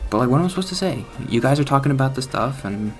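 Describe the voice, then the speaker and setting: A man in a mid-pitched, ordinary voice rambles through a gaming commentary, trailing off mid-thought and laughing at his own awkwardness. Soft game music sits faintly behind him. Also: lively intonation, racing. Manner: awkward, self-deprecating, laughs at himself. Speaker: gaming channel host. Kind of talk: rambling casual commentary over gameplay.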